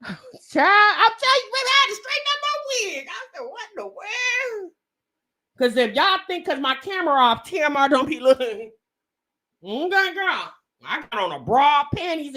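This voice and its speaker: Excitable high-pitched woman livestreamer. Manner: excitable, exclaiming and laughing with viewers; calls viewers honey and baby. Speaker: livestream host. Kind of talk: casual livestream chat.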